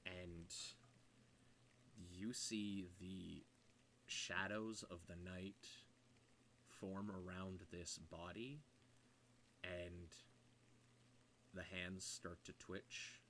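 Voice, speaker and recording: A man narrating a tabletop game as game master, setting scenes in a slow, hushed way with fillers. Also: deep voice, flat delivery, slight background noise.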